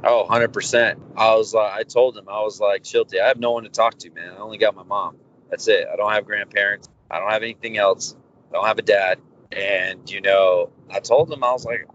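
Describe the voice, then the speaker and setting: A young adult man, a baseball pitcher being interviewed, telling his story casually and acting out the dialogue as he goes. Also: fairly quick. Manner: animated, candid storyteller acting out quoted dialogue. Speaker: professional baseball pitcher, guest. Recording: dull lo-fi audio with faint background noise.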